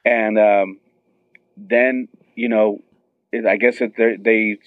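Excited storyteller man on a phone line. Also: slow pace, no echo. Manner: excited, acts out quotes with high squeals. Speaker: guest telling a story. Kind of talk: animated storytelling. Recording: tinny phone-line sound.

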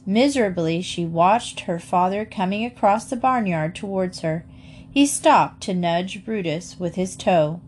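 A woman narrating a children's chapter book in a clear, steady storytelling voice. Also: medium pitch, a little hiss or hum. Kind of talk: storybook read-aloud.

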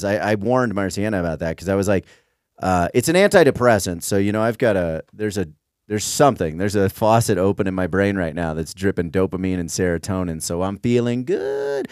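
A man's voice: sits low, sing-song, fairly quick, dry recording, studio quality. A man co-hosting a casual comedy podcast, joking around and slipping into a mock announcer voice. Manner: playful, breaks into mock ad-announcer voice. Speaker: podcast co-host.

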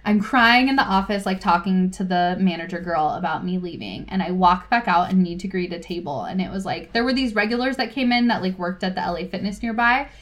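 A woman, a podcast guest telling personal stories in a casual, animated way, full of "like". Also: lowish voice, a little fast, few pauses. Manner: animated, lots of "like", acts out quoted voices. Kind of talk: casual storytelling.

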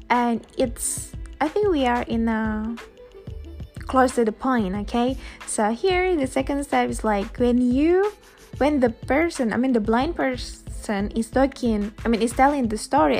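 A woman hosting a podcast lesson, chatty and engaging, often checking in with listeners and acting out examples. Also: a little high. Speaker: podcast host teaching English. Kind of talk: casual spoken lesson.

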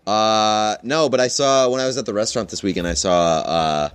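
A laid-back man co-hosting a casual comedic podcast chat, wry and quick to laugh. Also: on the low side, clear, resonant tone, no room sound. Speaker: podcast co-host.

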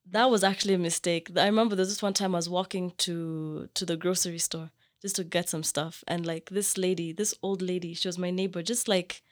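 A young woman from Kenya, chatting casually as a guest and telling animated stories full of fillers. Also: on the low side. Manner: animated storyteller, filler-heavy. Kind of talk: casual chat.

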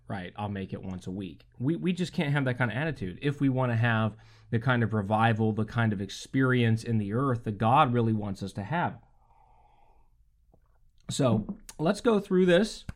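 A man preaching a sermon in a loose, conversational way, often checking in with the listener through rhetorical asides. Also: medium pitch. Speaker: pastor.

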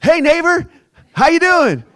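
A man voicing his cheery male neighbor who loudly shouts encouragement in a high, enthusiastic voice. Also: sing-song, measured pace, exaggerated voice. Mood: friendly.

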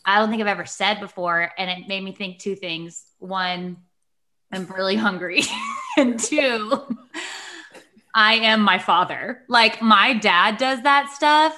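Young woman co-host, bright edge, animated casual storyteller. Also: mid-range voice, slow. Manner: dramatic, animated storytelling with frequent "like". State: pregnant. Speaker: podcast co-host. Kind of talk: casual podcast chat. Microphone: remote call mic.

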